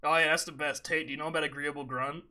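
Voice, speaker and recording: A man's voice: on the high side, level tone, quick pace, sharp tone. A young man co-hosting a casual gaming podcast, mocking and profane, laughing often. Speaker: podcast host.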